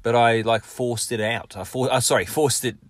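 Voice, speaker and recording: A man's voice: medium pitch, fairly even intonation, normal speed, no room sound, studio quality. A man, co-hosting a casual chat and telling stories with swearing and frequent laughs. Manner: swearing, storytelling, laughs often.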